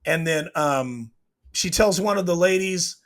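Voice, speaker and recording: This TV show reviewer has a fairly high-pitched voice and an unhurried delivery. He gives a casual, opinionated breakdown of a scene, retelling it and acting out the lines as he goes.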